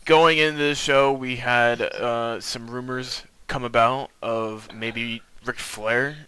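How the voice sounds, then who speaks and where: A young man hosts a casual wrestling chat, his voice bright and ringing clear. He rambles along with plenty of fillers and restarts and laughs easily. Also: medium pitch, fairly even intonation, slow, dry recording, rough recording. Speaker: podcast host.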